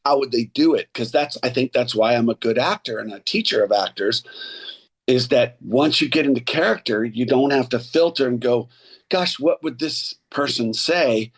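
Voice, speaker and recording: A middle-aged man, an actor and acting coach, appears as a podcast guest and chats casually in a mid-range, husky voice at a fairly quick pace. He tells stories with animation, rambling and frequently restarting his sentences.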